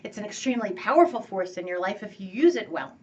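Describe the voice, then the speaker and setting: A woman giving a relationship coaching talk, upbeat and animated, laughing and acting out what friends and family say. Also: mid-range voice, quick pace, recorded from a distance, dull audio. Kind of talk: teaching talk to camera.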